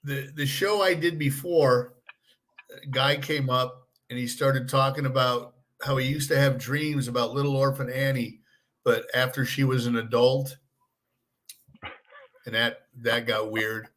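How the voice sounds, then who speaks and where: A man's voice: medium pitch, fairly even intonation, a little slow, a bit bright. A man co-hosting a casual chat show, telling wry anecdotes and laughing at his own stories. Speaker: podcast co-host.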